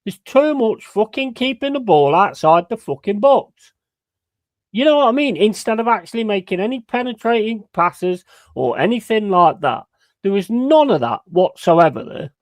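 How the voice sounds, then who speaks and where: A man's voice: high-pitched, very animated, moderate pace, no room sound. Sweary man ranting over a match. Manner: heavy swearing, ranting and frustrated; banters with chat and gives shout-outs. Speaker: football watch-along streamer. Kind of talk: live match watch-along commentary.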